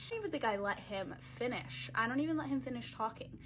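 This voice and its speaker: A woman's voice: a little high, quick pace, hardly any pauses, slightly rough. A young woman telling a story in a casual storytime vlog, chatty and dramatic, with lots of "like" fillers. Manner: chatty, heavy use of "like" fillers; dramatic, animated retelling.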